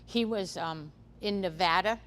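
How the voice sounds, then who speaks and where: In an echoey hall with faint background noise, a woman presents a conference seminar on livestock guarding dogs and predators. Her voice is lowish, unhurried, and fairly bright, and she speaks conversationally with lots of "um" fillers and restarts.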